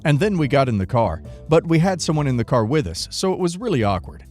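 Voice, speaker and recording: Male narrator reading forum stories aloud with a lively, varied pitch; low music bed behind. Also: fast talker.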